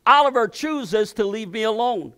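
A man's voice: high-pitched, expressive, moderate pace, bright, forceful tone, clear, resonant tone. A middle-aged man preaching a sermon as a pastor, emphatic, with repeated rhetorical questions and stammered restarts.

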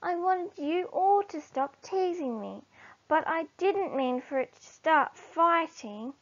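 A woman voicing the smallest young male warthog, squeaky, earnest and apologetic, for a storybook. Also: lively intonation, slow pace, fairly bright tone, heavily acted. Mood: pleading. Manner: pleading, apologetic. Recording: dull lo-fi recording.

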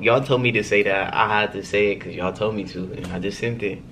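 A man's voice: lowish voice, steady tone, brisk, hardly any pauses, fairly bright tone, a little hiss or hum. A young man vlogging a text prank, chatting casually and playfully to his viewers, laughing often. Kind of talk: casual talk to camera.

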